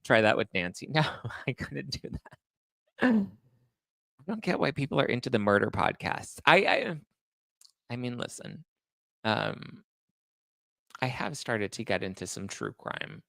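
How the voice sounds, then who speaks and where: A man hosting a casual chat show, reading viewer comments aloud and retelling stories with animated energy. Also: mid-range voice, unhurried, gravelly, pauses often, no room sound. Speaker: host.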